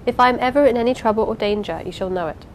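A woman's voice: fairly high pitch, very fast, a little hiss or hum, close to an everyday voice. A woman reading as an anxious, self-repressed young niece. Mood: fervent.

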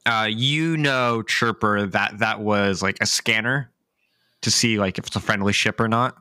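A man running a tabletop game as game master, describing scenes in an unhurried way with frequent fillers. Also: fairly low pitch, sharp tone, dry recording, clean studio sound.

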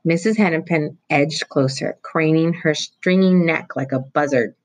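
A teacher reading a novel chapter aloud to a class in a steady storytelling manner. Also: medium pitch, measured pace, rough recording.

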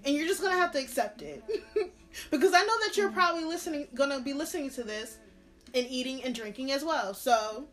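Woman, podcast co-host, casual chat, high voice, earnest and emphatic, faint music. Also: a little fast, a bit bright.

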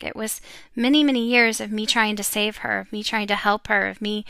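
A middle-aged woman sharing an emotional personal testimony about her faith, talking earnestly with pauses and fillers. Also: a little high, sharp tone, clean tone, dry recording. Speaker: Christian speaker sharing a testimony.

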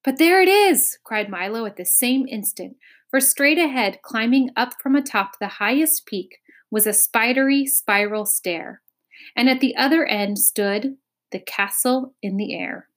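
A woman reading a children's novel aloud as narrator, with expressive, dramatic pacing. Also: a little high, measured pace. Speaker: audiobook narrator. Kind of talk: scripted story narration.

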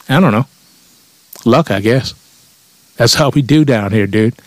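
A man's voice: medium pitch, measured pace, long pauses, no room sound. A man telling a rambling comic monologue in a profane, offhand way.

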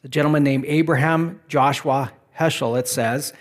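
A man delivers a sermon in a relaxed, conversational manner, with a voice that sits a little high for a man. He talks reflectively, asking the listeners questions and restarting his phrases as he works through his thoughts. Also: moderate pace, hardly any pauses. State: back pain. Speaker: preacher.

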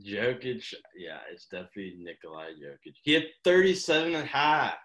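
A man's voice: mid-range voice, big pitch swings, a little fast, bright, forceful tone. A man co-hosting a casual podcast, answering quiz questions with good-humored banter.

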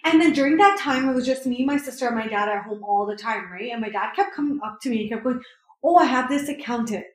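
A woman's voice: on the high side, quick pace. A woman in her twenties casually telling a long story to a friend, filling her talk with "like" and "right?". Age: 20s. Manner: rambling, heavy use of "like" and "right?". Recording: roomy echo.

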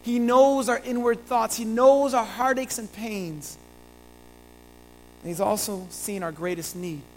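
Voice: medium pitch, measured pace, slight background noise, rough recording. A pastor preaching a sermon, earnest, repeating phrases and building to emphatic peaks.

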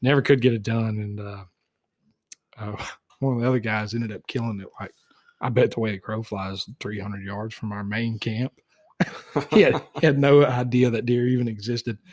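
A middle-aged man, a podcast guest who tells hunting stories in a casual, animated way and acts out the dialogue. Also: on the low side, normal speed, no echo. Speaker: guest, dog tracker for wounded deer. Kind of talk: casual storytelling.

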